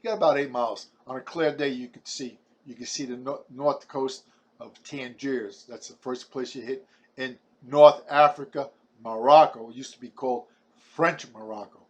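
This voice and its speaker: A vlogger in his 70s from Brooklyn, New York, delivers a blunt, combative rant full of stumbling restarts. His voice is mid-range and steady, at a normal speed.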